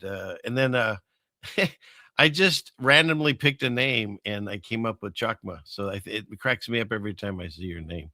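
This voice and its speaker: A man's voice: fairly low pitch, creaky, pushed and bright, no echo, studio quality. A man hosting a casual livestream, rambling through viewer comments and chuckling often between remarks. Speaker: livestream host.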